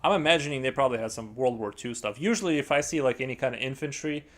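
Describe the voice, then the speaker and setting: A man's voice: mid-range voice, fast talker, a bit bright. A man live-streaming while he paints, chatting casually in a rambling, hesitant way full of fillers and restarts.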